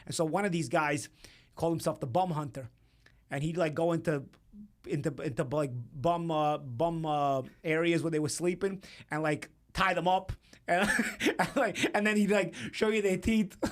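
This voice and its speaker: A man chatting as a podcast guest, animated and storytelling with frequent restarts. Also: fairly high pitch, normal speed. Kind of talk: casual chat.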